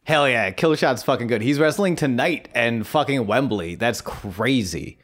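Excitable, profane male podcast co-host. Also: mid-range voice, measured pace. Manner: excitable, profane, self-mocking storyteller. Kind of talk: casual podcast chat.

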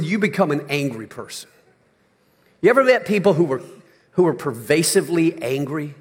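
With a long reverb tail trailing his words, a male pastor preaches with drama. He goes slow and low to stress points, then builds up to near shouts.

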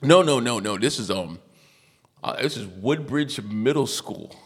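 A man's voice: mid-range voice, lively intonation, a little slow, husky. A man hosting a casual chat, talking in a loose, crude way and laughing easily. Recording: long reverb in the room.

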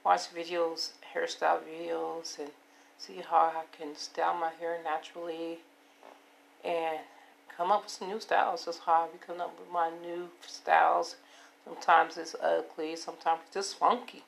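Hoarse, gravelly woman in her fifties. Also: on the low side, little pitch movement, moderate pace, a little hiss or hum. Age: 50s. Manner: rambling, repetitive, self-affirming. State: hoarse, voice giving out. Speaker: vlogger. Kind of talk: casual personal monologue.

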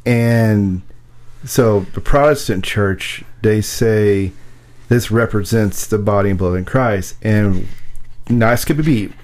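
A man with a somewhat low voice speaks in an easygoing, conversational way. He tells a story to a friend and slips in wry asides. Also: slow, darkish tone. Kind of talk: casual conversation.

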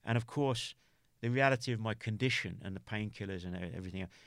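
A man from the United Kingdom talks through a hard memory as a podcast guest. His voice sits low, and the recording is dry and close with no room sound. He stumbles and restarts often, leaning on "you know" as he searches for words. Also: creaky, fairly bright tone, no room sound. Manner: halting, with many restarts and "you know" fillers. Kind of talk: personal storytelling in an interview.

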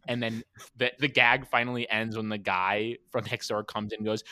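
A man's voice: mid-range voice, steady tone, brisk, pushed and bright, clean tone, no room sound. A man co-hosting a podcast, chatting casually and enthusiastically retelling movie scenes. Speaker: podcast co-host. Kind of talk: casual chat.

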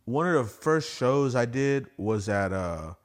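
A man's voice: mid-range voice, expressive, measured pace. Rambling, profane man telling comedy stories. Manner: rambling, profane, restarts and acted-out quotes. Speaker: podcast host and stand-up comic. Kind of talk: casual storytelling chat.

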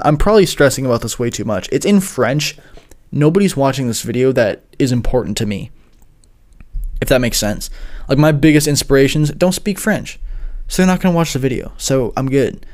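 A man's voice: medium pitch, brisk, a little mellow. Rambling, foul-mouthed young guy telling a story. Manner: rambling, heavy swearing, lots of fillers. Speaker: music producer and online tutor. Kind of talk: casual storytelling monologue.

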